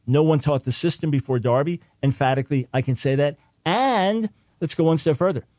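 A man's voice: a little high, a little mellow, dry recording. A man hosting a talk radio show, arguing his points emphatically and repeating them for stress.

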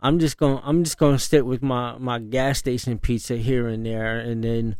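Easygoing thirties dad, smooth resonant voice, chatty slang-heavy storytelling, dry sound. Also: male voice, medium pitch, fairly even intonation, normal speed, darkish tone, no echo. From northern US. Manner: laid-back, rambling, frequent fillers and slang, laughs often. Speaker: father. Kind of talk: casual storytelling monologue.

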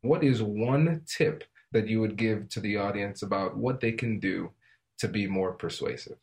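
A man's voice: lowish voice, normal speed, gravelly, a little mellow. A man hosting a podcast, talking in an enthusiastic way and laughing often with his guest. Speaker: podcast host. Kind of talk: casual interview talk.

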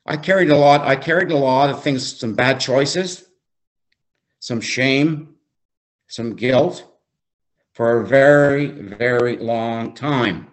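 Slow, reflective man teaching from scripture. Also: medium pitch. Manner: slow and reflective, repeats phrases. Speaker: recovery group leader. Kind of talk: devotional teaching.

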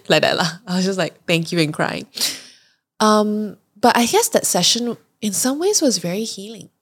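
Speaking at a normal pace, this young podcast host has a mid-range, slightly rough voice that is quite expressive. She chats through a frank, confessional story, frequently performing her own reactions.

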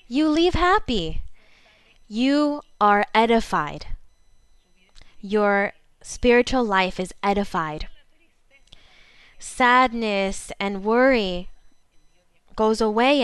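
A woman preaching a sermon to her congregation in a fervent way, slowing down for emphasis. Her first language is Spanish. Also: mid-range voice, expressive, fairly bright tone, clean tone, no room sound. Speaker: pastor.

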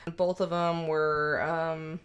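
A woman co-hosting a casual movie podcast, relaxed and quick to laugh. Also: low-pitched, clear, resonant tone. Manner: laid-back, laughs often. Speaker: podcast co-host. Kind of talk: casual chat.

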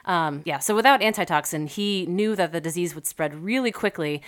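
Low-voiced woman telling a story. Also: normal speed. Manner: relaxed storyteller, laughs easily. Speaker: podcast co-host. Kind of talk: casual chat.

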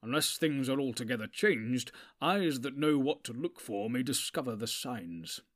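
A man's voice: mid-range voice, animated, close to an everyday voice. A man reading as a grave old wizard. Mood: commanding. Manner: slow, weighty, deliberate. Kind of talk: audiobook character voice.

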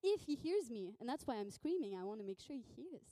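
A woman in a sermon voicing a desperate blind male beggar who pleads and shouts out excitedly. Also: on the high side, quick pace, no room sound. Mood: pleading.

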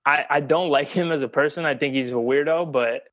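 A man's voice: fairly high pitch, fairly quick, fairly bright tone, dry recording. A man co-hosting a sports podcast, talking bluntly and emphatically in casual chat, swearing freely. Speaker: podcast co-host.

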